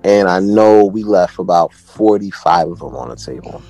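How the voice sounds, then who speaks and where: A man's voice: low voice, moderate pace, mellow. A man, a music producer telling stories as an interview guest in a slangy, laid-back way. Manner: laid-back, slangy, many "you know what I'm saying" fillers. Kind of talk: casual storytelling chat.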